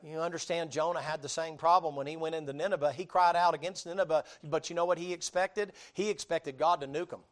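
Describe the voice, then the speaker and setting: A man preaching a sermon, telling the story in a lively, colloquial way and acting out the people he quotes. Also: on the high side, fast talker, hardly any pauses. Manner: animated storytelling with colloquial drawl, dramatic quoted voices, laughs.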